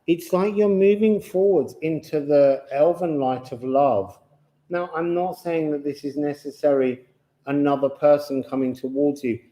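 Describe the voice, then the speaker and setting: Slow, musing man in an echoey room. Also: on the high side, warm tone. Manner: slow, musing and drawn-out, with chatty asides. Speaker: tarot and astrology reader. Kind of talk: unscripted card reading to viewers.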